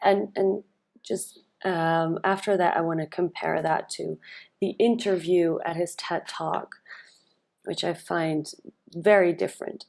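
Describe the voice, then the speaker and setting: A woman speaking coach comments on a recorded speech in her own video. Her voice sits fairly low with a gravelly vocal fry. She talks in a chatty way, thinking aloud with fillers and restarts, and leans on the words she wants to stress. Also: fairly even intonation, measured pace, a little mellow.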